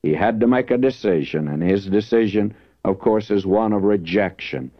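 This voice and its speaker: Male preacher, low voice, earnest Bible teaching, dry muffled lo-fi tape. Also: normal speed, no room sound. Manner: earnest, emphatic, lifts his voice when reading scripture. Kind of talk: verse-by-verse Bible teaching sermon. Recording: dull lo-fi dry recording.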